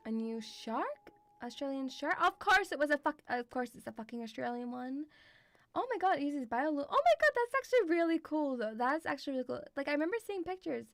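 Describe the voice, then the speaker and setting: A woman's voice: high voice, expressive, fairly quick, no echo, clean studio sound. A young woman chatting on a stream, rambling with lots of fillers and swearing. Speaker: VTuber streamer. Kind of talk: casual stream chat.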